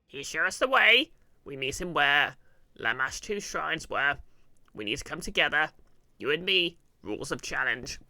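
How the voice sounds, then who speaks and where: A man voicing an anxious male goblin chief in a video game, speaking in loud, halting broken grammar. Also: a little high, big pitch swings, no echo, heavily acted. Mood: uneasy.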